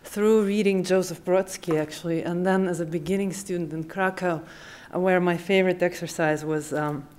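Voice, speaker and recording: A woman with a Russian accent, an assistant professor who introduces and reads a poem aloud at a public event, hesitant in her asides and measured once she reads. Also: fairly low pitch, steady tone, darkish tone. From Uzbekistan. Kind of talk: poetry reading at a public event.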